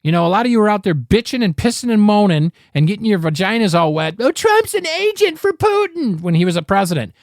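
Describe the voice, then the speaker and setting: A man's voice: sits high, quick pace, few pauses, a little mellow, no room sound, studio quality. A man hosting a podcast, ranting angrily about politics, swearing freely and rambling with frequent restarts. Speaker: podcast host. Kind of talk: profane political commentary rant.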